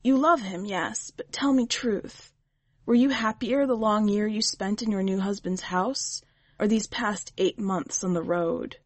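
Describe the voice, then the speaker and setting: A woman's voice: medium pitch, measured pace, no echo, natural voice. A woman doing a wry, patient witch. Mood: teacherly. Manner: dry, patient, teacherly. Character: wry, shrewd witch, woman, gently probing.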